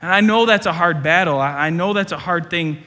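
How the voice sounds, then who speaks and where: Preacher, male, young adult, bright high voice, impassioned, reverberant hall. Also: brisk. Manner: impassioned preaching, swinging from loud emphatic peaks to soft pleading. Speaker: pastor. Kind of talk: sermon.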